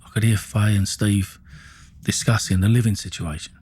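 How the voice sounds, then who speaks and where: Essex bloke, middle aged, low husky voice, swears a lot telling his story. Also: fairly even intonation, moderate pace, darkish tone. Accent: Essex English. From England. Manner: blunt, sweary, with many restarts and "you know what I mean". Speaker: storyteller recounting his life. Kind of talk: casual spoken storytelling.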